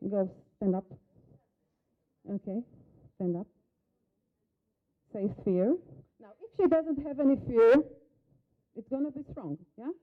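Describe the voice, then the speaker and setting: Speaking slowly and pausing often, a slightly high-voiced, animated woman leads a live workshop demo in a conference hall. Her first language is Hebrew, and she coaches a volunteer with short instructions and questions. The recording sounds like a phone line.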